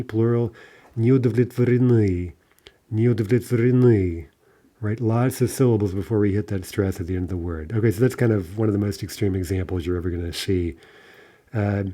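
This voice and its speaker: A man with a low, mellow voice teaches an informal Russian grammar lesson. He says word forms slowly and clearly, and keeps checking in with the listener. His tone is patient and explanatory.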